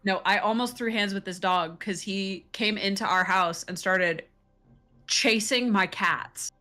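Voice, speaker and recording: A woman's voice: medium pitch, a little slow, pushed and bright. A woman chatting casually as a co-host, telling a story with plenty of swearing and laughter. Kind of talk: casual chat.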